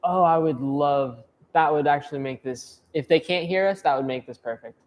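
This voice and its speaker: A man's voice: fairly high pitch, normal speed. A man running a livestream, chatty and laid-back, talking to viewers in the chat. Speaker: livestream organizer.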